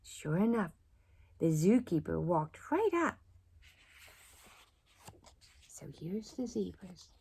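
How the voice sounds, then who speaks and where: A woman preschool teacher reads a picture book aloud to children. Her voice is breathy and sweeps widely in pitch, and she often drops to a whisper. She reads at an unhurried pace. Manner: expressive, often dropping to a whisper.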